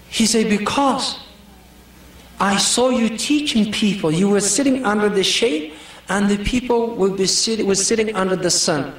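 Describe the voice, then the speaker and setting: A high-voiced man preaching a lighthearted sermon, full of jokes and small stories, laughing as he talks. The sound is roomy and echoey, picked up from some distance away. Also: normal speed. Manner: joking, anecdotal, laughs often. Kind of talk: humorous sermon.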